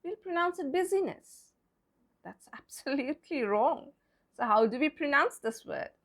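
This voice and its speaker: A woman's voice: sits high, animated, moderate pace, fairly bright tone. A woman teaching English pronunciation, spelling words out letter by letter and modeling each one with emphasis. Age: adult with a son. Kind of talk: pronunciation lesson.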